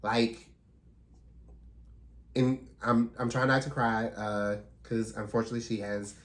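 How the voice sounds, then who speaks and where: A man's voice: mid-range voice, fairly even intonation, unhurried. A man talking earnestly and reflectively in a casual, heartfelt conversation as a podcast co-host.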